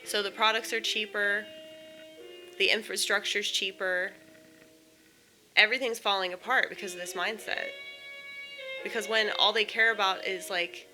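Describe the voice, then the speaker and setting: A woman's voice: medium pitch, steady tone, moderate pace, pauses often, bright, forceful tone, soft background music. A woman in a casual, blunt monologue, airing opinions and swearing freely.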